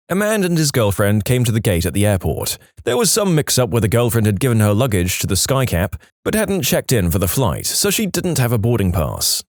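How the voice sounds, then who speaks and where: A man's voice: mid-range voice, no room sound, clean studio sound. A man narrating online stories in a scripted read, with a wry, sarcastic storytelling manner.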